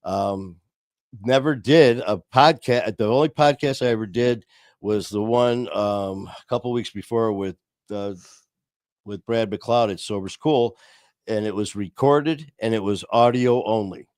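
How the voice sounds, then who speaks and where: Rambling low-voiced male podcast host. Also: measured pace, darkish tone, no echo, studio quality. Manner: rambling, unscripted, full of restarts and chuckles. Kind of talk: casual storytelling chat. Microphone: video call via streaming software.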